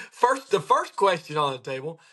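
Bright-voiced, animated male host. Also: on the high side. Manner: animated storyteller, acts out patients' words. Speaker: podcast host, chiropractor. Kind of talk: casual chat.

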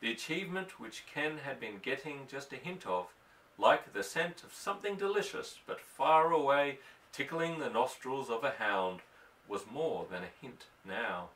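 Audiobook narrator, male, lively delivery with a bright tone, slightly distant mic. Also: mid-range voice, a little slow. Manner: expressive storytelling, voicing each character. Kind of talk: audiobook reading of a novel.

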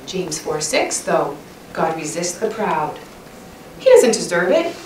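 A woman's voice: lowish voice, slow, distant mic, a little hiss or hum. A woman giving an earnest devotional talk at a women's church session, asking many questions and closing in prayer. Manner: earnest, asks many questions, animated storytelling. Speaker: speaker at a women's conference session. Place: church hall. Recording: echoey hall, voice from off-mic.

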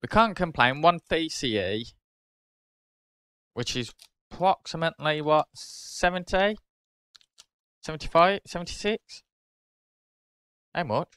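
A British man hosting a card-opening video, casually calling out each card and getting excited over good pulls. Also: on the high side, unhurried, pauses often, clear, resonant tone, no room sound. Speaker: card-opening channel host.

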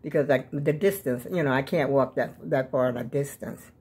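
A woman's voice: very deep voice, normal speed, darkish tone, husky. A woman in her seventies chatting casually to her viewers in a rambling, folksy way, often calling them y'all. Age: 70s. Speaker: vlogger. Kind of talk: casual chat to camera.

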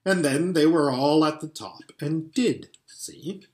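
Lively man reading a storybook aloud. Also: fairly high pitch, slow. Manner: expressive, occasional stumbles and restarts. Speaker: audiobook reader.

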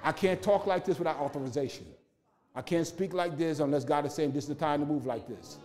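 A male pastor delivering a sermon with a warm, mellow tone and a slightly higher-than-average pitch. He preaches in rhythmic, repeating phrases and drops humorous asides along the way. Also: a little fast, soft background music.

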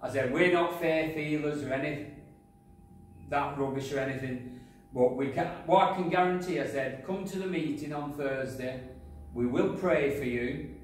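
A man preaching a sermon, telling a personal testimony, going from loud praise to quiet asides. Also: a little high, moderate pace. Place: church hall. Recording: echoey hall, from far off, faint noise.

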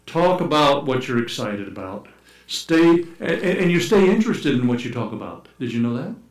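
A male pastor preaching to his congregation, mixing lively anecdotes with scripture readings. His voice sits at an ordinary male pitch and carries a roomy church echo around it. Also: normal speed. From United States. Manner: storytelling, playful, acts out shouted calls. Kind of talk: sermon. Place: church sanctuary. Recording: echoey church room.

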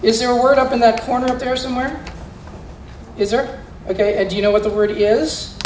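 Very high-voiced yet fairly even in intonation, a man speaks briskly over slight background noise. As a school magician, he guides child volunteers through mind-reading tricks with playful stage patter. He's recorded from afar in an echoey indoor room or gym.

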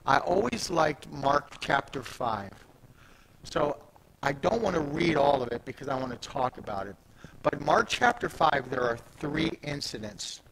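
A man's voice: fairly high pitch, animated, measured pace, creaky, a bit bright, slight background noise, poor audio. A man preaching a sermon at a church service, talking in an emphatic, conversational way with restarts and asides. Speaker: pastor.

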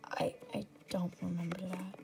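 A woman acting out a toy pet role-play, voicing every character herself and jumping between squeaky high voices and hushed whispers. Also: flat delivery, moderate pace, creaky, music in the background. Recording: noisy home recording.

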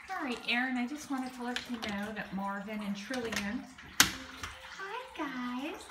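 A woman talks unhurriedly, her voice sitting a little high as she coos to boarded cats in sing-song baby talk and drops into soft whispers. She gives the cats' owners relaxed updates on a handheld phone. The sound is roomy and a bit distant, with household noise behind her. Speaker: cat boarding host giving owners updates. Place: indoor cat boarding room. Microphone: handheld phone camera. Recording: echoey room, phone mic held off.

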